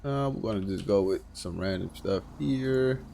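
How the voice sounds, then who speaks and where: A man's voice: deep voice, normal speed, creaky, a little hiss or hum. Profane man streaming a police game. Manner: profane, talks to himself, sudden loud outbursts. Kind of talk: casual live gameplay commentary.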